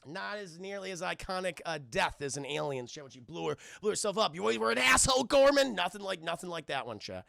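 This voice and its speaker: A man's voice: on the high side, animated, a little fast, gravelly, hardly any pauses, a bit bright, no room sound, clean studio sound. A young man streaming a casual, profane, rambling film recap who keeps talking to his chat. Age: young adult.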